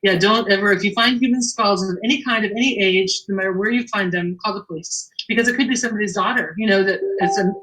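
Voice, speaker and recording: A middle-aged woman tells a story from her shop in an easygoing interview. Her voice is bright and forward, and she plays out every bit of dialogue with lively jumps in pitch. She laughs easily along the way. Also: quick pace, hardly any pauses, poor audio. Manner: animated storyteller, acts out the dialogue, laughs often. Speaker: shop owner telling a story. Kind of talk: casual anecdote in an interview.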